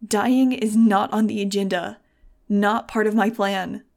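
A woman voicing a fierce, desperate teenage girl in an audiobook, yelling frantically. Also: medium pitch, fairly even intonation, unhurried, creaky. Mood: frantic yelling. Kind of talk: audiobook character voice.

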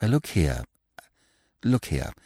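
A man voicing a scatterbrained, plaintive young gentleman who talks in a hurried, breathless, exclamatory way, in an audiobook reading. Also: sits low, very animated, breathy edge, no room sound, clean studio sound, full character voice. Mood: flustered.

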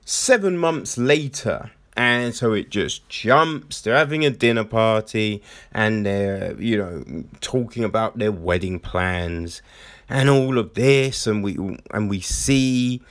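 A man's voice: fairly low pitch, takes it slowly, a bit bright. A man giving a casual, frank film review, indignant and swearing, with many restarts and fillers.

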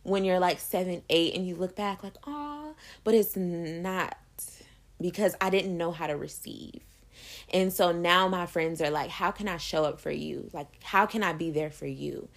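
A woman's voice: fairly low pitch, fairly even intonation, normal speed, gravelly. A young woman talking candidly and emphatically in a casual motivational monologue, swearing freely and calling listeners "baby.".

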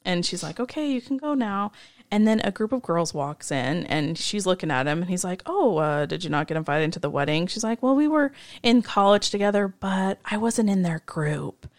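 A woman's voice: on the low side, normal speed, few pauses, dry recording, clean studio sound. Chatty woman recapping a movie scene. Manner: animated retelling with quoted dialogue. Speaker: podcast co-host. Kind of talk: casual chat recapping a movie.

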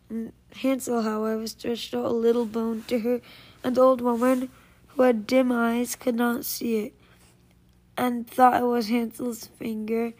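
A woman reading a fairy tale aloud, slow and measured, with small slips and restarts. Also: on the high side, a little mellow. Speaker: storyteller.

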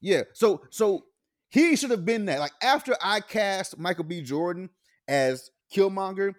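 A man's voice: high-pitched, animated, measured pace, no room sound, clean studio sound. A man co-hosting a podcast, speaking bluntly with lots of profanity in casual chat. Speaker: podcast co-host.

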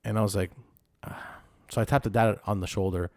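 A man in casual chat who tells animated stories and swears often. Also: on the low side, fairly quick, no room sound, clean studio sound.

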